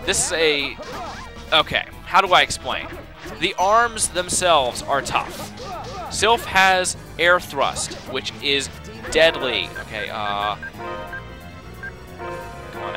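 A man giving casual, chatty commentary while he plays a game, excitable and talking to himself. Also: medium pitch. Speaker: let's play host. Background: game music.

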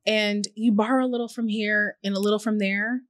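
A woman guest on a podcast, talking earnestly and reflectively with lively quoted asides. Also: mid-range voice, a little fast, no room sound. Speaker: podcast guest, tech journalist and founder. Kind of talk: reflective conversational interview.

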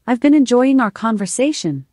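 A woman's voice: on the high side, lively intonation, normal speed, warm tone, no room sound. A synthetic woman's voice, a voice assistant giving scripted chatty replies in an evenly cheerful tone.

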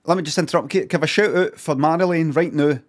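A man's voice: on the high side, fast. A man, chatting casually and swearing while streaming reaction commentary. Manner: chatty, swearing, rambling asides.

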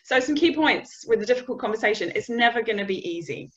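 A woman's voice: a little high, animated, quick pace, a bit bright, lo-fi sound. A woman from the UK giving a conversational business communication webinar, sometimes acting out example phrases. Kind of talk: webinar presentation.

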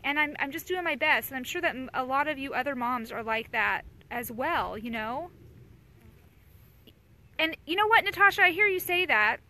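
A woman in her thirties hosts a casual live chat for viewers. Her voice sits high and sounds bright and forward. She talks candidly and chattily and answers viewer comments as they come in. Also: expressive, moderate pace. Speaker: mother hosting a live chat.

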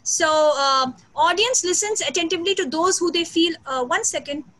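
A woman with a very high, bright voice leads a teacher-training lecture over a video call. She talks quickly and with eager emphasis, pushing each point with energy. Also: rough recording. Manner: fast, energetic, emphatic delivery. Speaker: guest lecturer. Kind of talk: online teacher training talk.

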